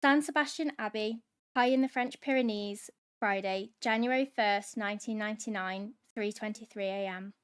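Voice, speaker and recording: A woman hosting a book club, reading a novel aloud in steady dramatic narration. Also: medium pitch, normal speed, smooth.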